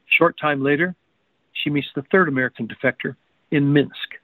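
A man's voice: on the high side, dry recording. Emphatic man on a tinny phone line. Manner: emphatic, repeats words in quick restarts. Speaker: guest researcher. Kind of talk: interview storytelling.

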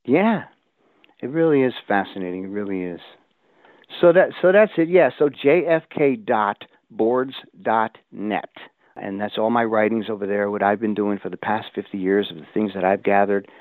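An older man talking as an interview guest, rambling and restarting often, growing animated when he quotes others. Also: lowish voice, normal speed, no echo. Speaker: guest researcher. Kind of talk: casual interview talk. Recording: tinny phone line, dry.

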